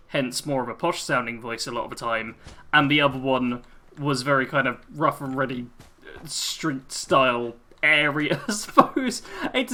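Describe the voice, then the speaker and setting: A man's voice: mid-range voice, pushed and bright. A young man with an English accent that drifts between posh and street, chatting through a live game stream, reading out chat messages and laughing easily. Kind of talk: live gameplay commentary.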